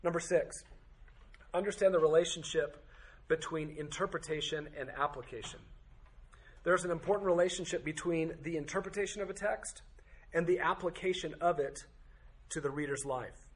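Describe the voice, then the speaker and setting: A man's voice: on the high side, moderate pace. A man teaching a Bible study class, firing off strings of rhetorical questions with occasional joking asides. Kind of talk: teaching to a group.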